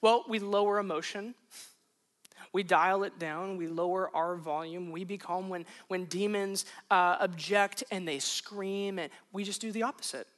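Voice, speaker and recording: A woman's voice: mid-range voice, unhurried. A woman pastor preaching, telling a personal story in a loose, conversational way with frequent restarts. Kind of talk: sermon told as a personal story.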